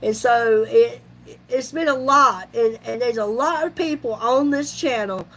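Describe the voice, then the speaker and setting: A chatty woman in her fifties with a high voice, telling stories in a folksy, animated way. She vlogs to her viewers with a faint hum of surroundings behind her. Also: unhurried, poor audio. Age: 50s. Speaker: YouTube vlogger. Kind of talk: casual storytelling vlog.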